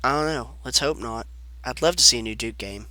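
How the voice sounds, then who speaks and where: A man's voice: medium pitch, fairly quick, pushed and bright, dry recording. Laid-back man rambling over game credits. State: sounds sick. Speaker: let's play commentator. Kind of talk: rambling gameplay commentary.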